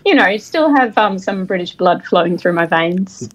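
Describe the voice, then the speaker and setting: A woman's voice: medium pitch, animated, moderate pace. A woman from Scotland with an accent mixed with Australian, a podcast guest speaking from her kitchen with easygoing, dry humour. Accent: Scottish mixed with Australian. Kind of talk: casual podcast chat. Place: home kitchen. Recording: dull, echoey kitchen line.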